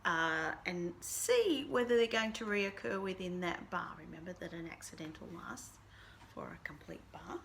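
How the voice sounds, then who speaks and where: A woman's voice: fairly low pitch, expressive, moderate pace, gravelly, fairly bright tone, slight background noise. A woman teaching a band lesson, walking students through a piece step by step and singing rhythms on nonsense syllables. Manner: patient, explains step by step. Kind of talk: recorded music lesson.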